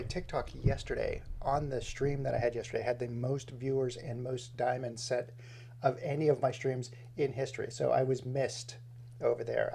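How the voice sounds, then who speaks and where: A man's voice: medium pitch, gravelly, dark tone, slight background noise. A man live-streaming while he edits video, talking to himself as he works and greeting viewers by name in a casual, chatty way.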